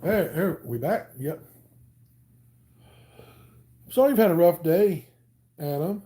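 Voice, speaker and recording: A man with a Southern US accent talks in a loose, rambling way as he hosts a casual livestream. His voice sits a little high but stays mellow and soft-edged. He jokes around easily with viewers between their comments. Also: expressive, takes it slowly. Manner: rambling, joking, easygoing. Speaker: livestream host.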